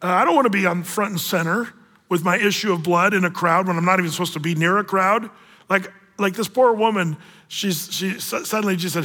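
A pastor preaches a sermon in a large hall, animated and acting out the voices of the people in his story. He has a high voice and speaks at a moderate pace.

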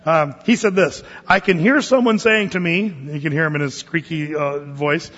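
A pastor teaching a sermon verse by verse in a conversational way, with frequent asides and restarts. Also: male voice, fairly high pitch, normal speed, few pauses, a bit bright, big-room sound, lo-fi sound.

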